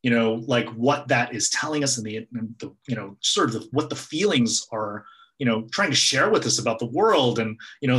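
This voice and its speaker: A man's voice: mid-range voice, lively intonation, moderate pace, a bit bright, rough recording. Reflective man with lots of fillers. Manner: reflective, many fillers and hedges. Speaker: men's group facilitator. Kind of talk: casual conversation.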